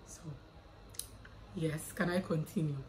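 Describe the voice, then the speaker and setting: A young woman talks casually to her camera, reading out questions and bantering back at them. Her voice sits a little low, and a faint hum of room noise hangs behind her. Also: fairly even intonation, takes it slowly, darkish tone, low-quality recording. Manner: chatty, reads questions aloud then answers playfully. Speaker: YouTuber answering viewer questions. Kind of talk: casual chat.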